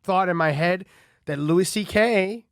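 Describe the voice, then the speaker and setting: A man's voice: high-pitched, measured pace, creaky, no room sound, studio quality. Chatty, laughing man near forty. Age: late 30s. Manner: chatty, laughing, profane, riffing. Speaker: comedian podcast co-host. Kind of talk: casual comedy podcast banter.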